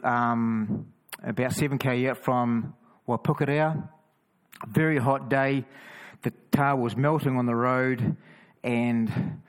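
A man with a New Zealand accent tells stories in a relaxed, chatty way. His voice sits at an ordinary middle pitch. He often trips over his words and repeats them, then adds a quick "you know what I mean" aside. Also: rough recording. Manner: lively, stumbling restarts, chatty asides. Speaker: cross-carrying Christian walker. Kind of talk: casual storytelling testimony.

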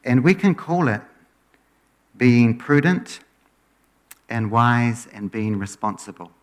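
A man preaching a conversational sermon as a pastor, relaxed, often letting his phrases trail off quieter at the end. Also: mid-range voice, takes it slowly.

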